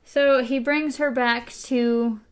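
A woman's voice: high-pitched, fairly even intonation, slow, clear, resonant tone. A woman host casually recapping a book and reading passages aloud. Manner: recaps chattily with fillers.

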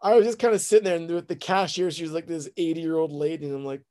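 A man in his thirties tells a long personal story in a loose, rambling way, laughing at himself. His voice sits a little high for a man, and he acts out the lines of the people in the story. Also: fairly even intonation, quick pace, warm tone. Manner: rambling, self-deprecating, acts out quoted voices. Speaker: guest telling his life story. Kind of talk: casual storytelling.

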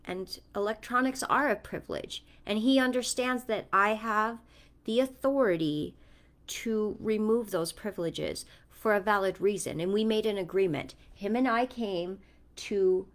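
A woman's voice: medium pitch, measured pace. Earnest woman telling a parenting story. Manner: earnest, storytelling, speaks with conviction. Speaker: mother sharing a story and Bible reflections. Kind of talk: casual reflective vlog talk.

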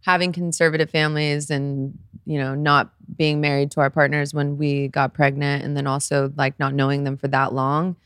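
A woman's voice: sits low, flat delivery, moderate pace, few pauses, smooth, no room sound, studio quality. A young woman co-hosting a casual chat, telling a candid personal story and swearing freely.

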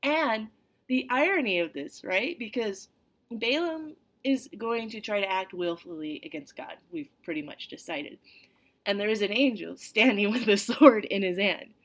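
A woman's voice: mid-range voice, normal speed. Chatty woman teaching a Bible lesson. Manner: chatty, animated, full of "like" and "right?".

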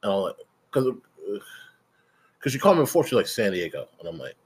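Young guy on a podcast, low-ish voice, acts out every quote, cusses a lot. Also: fast, husky. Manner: animated storytelling, acts out quotes, swears freely. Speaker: podcast co-host. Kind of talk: casual chat.

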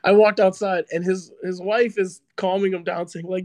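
A young man casually telling a story, animated and laughing, full of filler words. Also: sits high, normal speed, few pauses, no echo.

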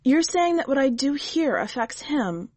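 A woman's voice: sits high, very animated, measured pace, a little mellow, dry recording, voice pushed up. A woman voicing an earnest, anxious young woman on a quest for her beastly husband, in a storybook reading. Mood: pleading. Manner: anxious, pleading.

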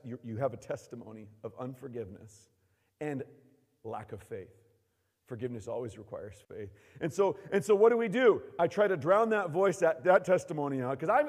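A man preaching a sermon in a church hall. He acts out quotes and swings from shouting to hushed asides. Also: sits high. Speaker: pastor. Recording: long hall reverb.

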